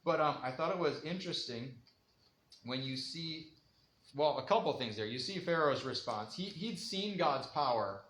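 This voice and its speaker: A Bible teacher leads an informal lesson in a church room, chatting conversationally, laughing often and acting out the voices of people he quotes. His voice is on the high side, expressive and fairly bright, at a moderate pace. The room is echoey with faint ambience.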